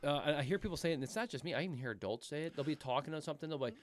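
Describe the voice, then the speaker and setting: A man's voice: a little high, very fast, slight background noise. A man in his thirties co-hosting a casual podcast, rambling, repeating words and swearing casually. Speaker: podcast co-host.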